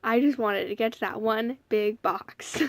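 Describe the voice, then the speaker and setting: A woman's voice: fairly high pitch, a little slow, no echo. Chatty young woman telling a story. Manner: chatty, rambling, lots of "like" and "you know". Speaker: vlogger. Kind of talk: casual storytelling to camera.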